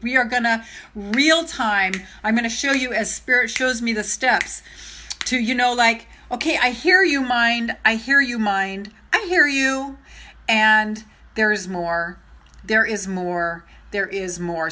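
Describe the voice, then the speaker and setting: Bright-voiced older woman, emotional and animated. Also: on the high side. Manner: emotional, animated, repeats phrases. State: trembling. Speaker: self-love coach. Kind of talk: live-stream vlog talk.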